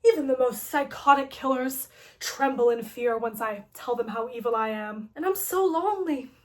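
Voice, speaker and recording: A young woman mockingly quoting an unhinged, self-pitying male villain in her own high, breezy voice. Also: moderate pace, natural voice.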